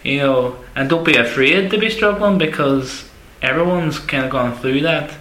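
A man's voice: a little high, moderate pace, fairly bright tone, roomy sound. A man co-hosting a language lesson, chatty and encouraging to learners.

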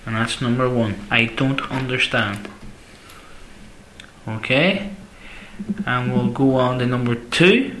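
A man's voice: medium pitch, takes it slowly, long pauses, a bit bright, roomy sound, a little hiss or hum. A man co-hosting a language lesson, chatty and encouraging to learners.

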